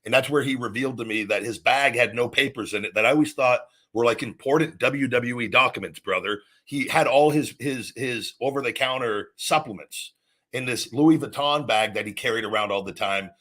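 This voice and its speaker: A man's voice: mid-range voice, brisk, a bit bright. A middle-aged man hosting, telling a long casual story in a rambling, profane way with many restarts. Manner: rambling, profane, repeats himself. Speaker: host.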